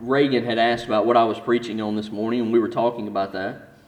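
A man preaching a sermon as pastor, building to intense emphasis and then dropping low and slow. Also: level tone, reverberant, big-room sound, lo-fi sound.

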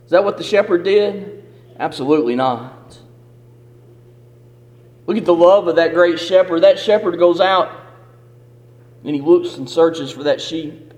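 Man, preaching, emphatic repeated phrases, high voice, long hall reverb. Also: moderate pace, darkish tone. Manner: emphatic, repetitive preaching cadence. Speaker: pastor. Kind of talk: sermon.

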